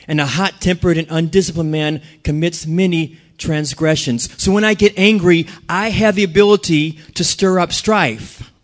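A man pastoring his church, preaching in an earnest, conversational way and putting questions to the congregation. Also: a little high. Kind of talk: sermon.

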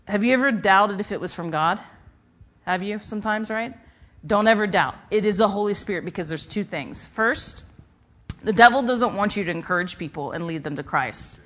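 Animated woman preaching with conversational ease. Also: medium pitch. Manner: animated and conversational, acts out inner dialogue. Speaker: speaker at a church gathering. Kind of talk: sermon with personal story.

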